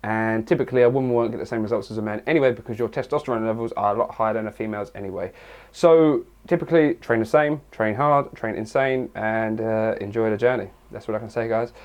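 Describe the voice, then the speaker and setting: A man's voice: fairly low pitch, quick pace, darkish tone. A young English man answering viewer questions in a casual vlog, rambling and crude with lots of jokes. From England. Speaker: fitness vlogger.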